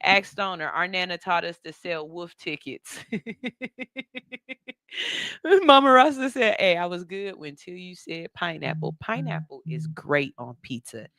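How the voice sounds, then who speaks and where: At a normal pace with few pauses, a middle-aged woman with a lowish, slightly bright, animated voice hosts a radio show. She laughs, uses slang and reads listener comments in loose chat, in a dry, studio-quality recording.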